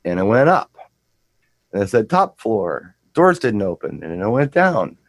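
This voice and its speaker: A man's voice: lowish voice, sing-song, measured pace, no echo, poor audio. A middle-aged man and co-host, chatting casually and telling a rambling anecdote, often repeating words as he restarts. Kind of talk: casual chat, storytelling.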